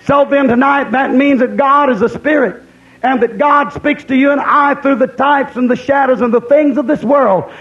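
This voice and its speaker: A man's voice: very high voice, muffled recording. A man preaching a camp-meeting sermon, emphatic and repeating his points.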